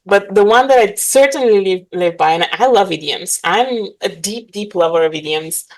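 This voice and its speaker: A woman chats as a podcast guest. Her speech bubbles along, full of little fillers and easy laughter. Her pitch sits at an ordinary middle height for a woman. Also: moderate pace, poor audio. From Bulgaria. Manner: animated, laughs often, many fillers. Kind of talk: casual interview chat.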